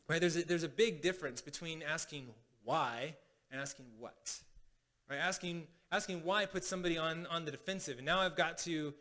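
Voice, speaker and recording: A man's voice: on the high side, moderate pace, bright, forceful tone. Conversational pastor, a man. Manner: conversational, many restarts and "right?" checks. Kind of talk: sermon teaching. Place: congregation hall.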